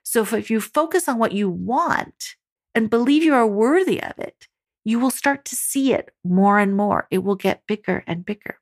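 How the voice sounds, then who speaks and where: A woman's voice: on the high side, animated, normal speed. A woman, a parenting coach for mothers, giving encouraging, motivational advice straight to her listeners. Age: adult mother. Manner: encouraging, speaks directly to listeners as mamas. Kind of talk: motivational podcast coaching talk.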